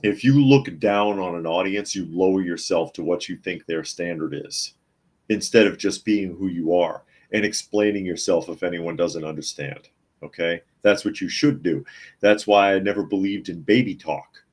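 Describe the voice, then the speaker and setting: Guy with a really low voice running a casual news podcast from his home office, reads headlines then weighs in. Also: moderate pace. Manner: chatty, reads headlines aloud and comments. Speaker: podcast host.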